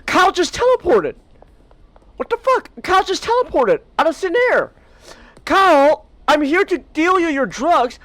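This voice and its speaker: A man hosting a live stream, chatting casually and excitably while gaming, swearing freely. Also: extremely high pitch, moderate pace. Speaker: streamer and podcast host.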